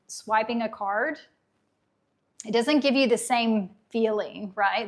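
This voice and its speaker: A woman with a light Southern accent and a somewhat high voice chats through a livestream. She keeps things upbeat and easygoing, laughing easily as she reads out viewer comments. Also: fairly bright tone. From Tennessee, USA. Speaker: livestream host. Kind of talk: casual livestream chat.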